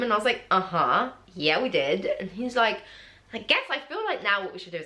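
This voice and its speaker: Young woman, casual vlog storyteller, very lively pitch that jumps when she quotes people. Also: brisk. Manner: animated, acts out quotes in a jumpy high voice. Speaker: vlogger.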